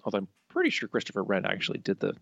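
A man co-hosting a casual podcast, relaxed and hedging in his answers. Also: on the low side, very fast, creaky, breathy edge, no echo, muffled recording. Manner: relaxed, hedging, easy laughs. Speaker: podcast co-host.

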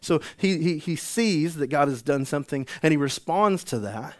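A man preaching a sermon, an animated storyteller who acts out the scenes he describes. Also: fairly high pitch, moderate pace. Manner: animated storytelling, acts out the healed man's joy. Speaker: pastor.

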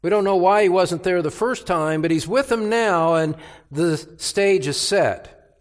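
A male pastor preaching an expository sermon, emphatic, repeating words for stress and swinging from hushed to loud. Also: sits high, unhurried. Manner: emphatic, with dramatic swings between quiet and loud.

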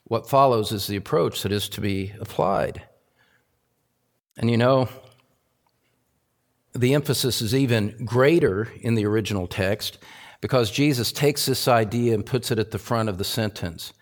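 A man preaching a sermon as pastor, emphatic, repeating key phrases and swinging from loud climbs to low, quiet drops. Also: moderate pace, pauses often.

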